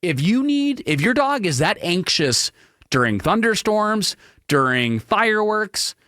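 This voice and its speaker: Animated ranting male radio host. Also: measured pace, no echo, studio quality. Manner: animated, ranting, mocks people in high silly voices. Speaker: radio talk show host. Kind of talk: opinionated solo radio talk. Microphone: studio microphone.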